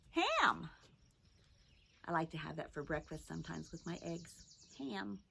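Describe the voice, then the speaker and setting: Slow, bright-voiced woman teaching phonics. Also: fairly low pitch, vocal fry, a little hiss or hum. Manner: slow, drawn-out sounding out of words. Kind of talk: children's phonics lesson.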